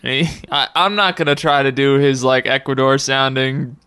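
A man's voice: medium pitch, fairly even intonation, normal speed, bright, forceful tone, smooth, no echo, clean studio sound. A young man hosting a casual podcast, rambling and laughing often as he tells stories. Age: young adult. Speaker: podcast host.

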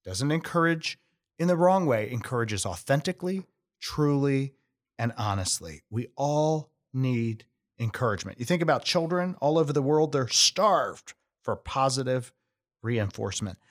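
A man's voice: mid-range voice, lively intonation, normal speed. A middle-aged man hosting a podcast, giving an earnest, emphatic motivational talk. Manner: earnest, emphatic, building up encouraging scenarios. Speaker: podcast host.

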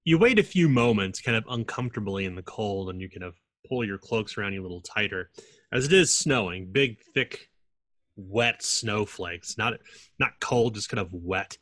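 A man's voice: on the low side, expressive, a bit bright, no room sound. A man narrating a tabletop game as game master, describing scenes at length with frequent fillers and restarts. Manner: descriptive, halting with many fillers.

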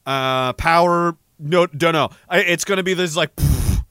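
Heated, profane man ranting, bright voice. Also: fairly high pitch, a little slow, smooth, no echo, clean studio sound. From Canada. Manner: profane, heated, rambling with frequent restarts. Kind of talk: ranting casual monologue.

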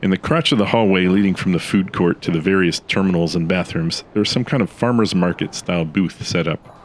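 A very low-voiced man reads the scene directions of a comedy audio drama. His delivery stays dry and deadpan. A faint hiss sits under the voice. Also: fairly quick. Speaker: narrator. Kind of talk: deadpan scripted narration.

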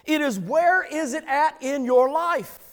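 High-voiced preacher in a reverberant hall. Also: male voice, unhurried, a bit bright. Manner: emphatic preaching, repeats phrases for stress. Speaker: pastor. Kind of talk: sermon.

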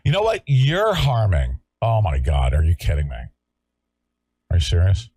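A man from California hosting a talk show, ranting loudly and sarcastically in a combative way. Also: sits low, wildly swooping pitch, normal speed, breathy edge, no room sound. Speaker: show host. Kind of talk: heated talk-show rant.

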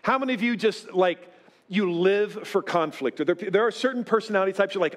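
Fifty-year-old pastor, chatty and relaxed. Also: male voice, high voice, fairly quick. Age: 50s. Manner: conversational, self-deprecating, many "uh" fillers. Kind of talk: sermon. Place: church sanctuary with live congregation.

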